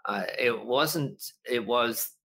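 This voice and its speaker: Bright-voiced man, animated. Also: medium pitch, slow pace, gravelly, poor audio. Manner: animated storyteller, lively voices for quotes, frequent laughs. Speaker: business coach. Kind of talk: casual podcast interview.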